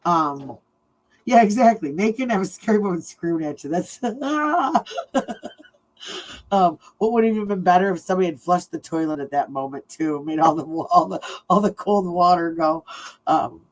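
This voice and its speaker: A woman's voice: fairly low pitch, lively intonation, a little slow, poor audio. A middle-aged woman hosting a true crime livestream, chatting casually and laughing often as she tells stories.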